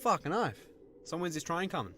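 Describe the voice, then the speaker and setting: Les, a man voicing a gruff laconic Aussie wanderer. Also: on the high side, big pitch swings, fairly quick, pushed and bright, a little hiss or hum. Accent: Australian. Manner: laconic, blunt, heavy swearing. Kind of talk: animated show dialogue.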